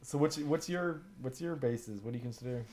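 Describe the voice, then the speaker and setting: A man's voice: medium pitch, a little fast, mellow, a little hiss or hum. A young man with an ordinary mid-range voice who laughs easily during casual chat. He quizzes his friends with short, direct questions. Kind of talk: casual podcast banter.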